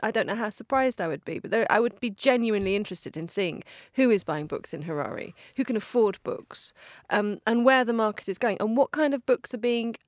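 A woman's voice: mid-range voice, animated, fairly quick, hardly any pauses, no echo. A woman co-hosting a radio show, playful and chatty in casual studio banter. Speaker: radio co-host.

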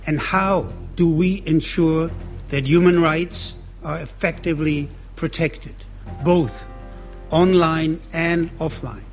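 A man's voice: a little high, fairly even intonation, slow pace, faint music behind. A man giving a formal speech as an ambassador, posing questions. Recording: dull lo-fi clip.

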